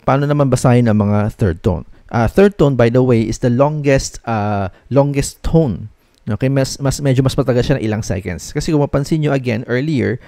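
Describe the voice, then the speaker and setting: A man teaching a video lesson in a mellow, relaxed voice, recorded close and dry. He is patient and repetitive, drawing out single syllables for the listener to copy and often checking in with a quick "okay?". His pitch sits in the middle. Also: no echo. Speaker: Mandarin tone teacher. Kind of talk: video lesson, Taglish explanation with drills.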